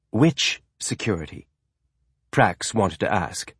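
A man reading a novel aloud as an audiobook narrator, with a measured, even storytelling delivery. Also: on the low side, no room sound, clean studio sound. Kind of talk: scripted narration.

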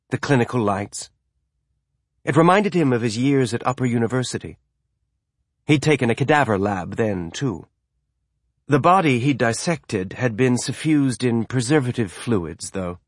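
A man reading a novel aloud as an audiobook narrator, with a measured, even storytelling delivery. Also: medium pitch, no echo, clean studio sound. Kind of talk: scripted narration.

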